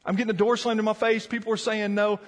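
Preaching fast in a high, level-toned voice, a pastor from the Virginia mountains delivers an earnest sermon, repeating words often as his emphasis builds. A long reverb tail follows his speech.

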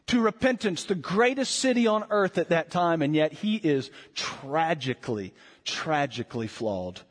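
High-voiced preacher in a reverberant hall. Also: male voice. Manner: earnest preaching with slow emphatic phrases and dramatic pauses. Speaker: pastor. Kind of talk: sermon.

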